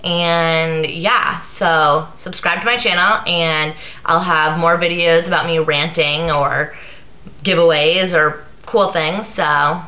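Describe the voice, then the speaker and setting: Tired young woman ranting on her vlog, bright voice, lots of likes, echoey room. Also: on the low side, fairly even intonation, slow pace. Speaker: vlogger. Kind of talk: venting vlog. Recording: echoey room, slightly dull sound.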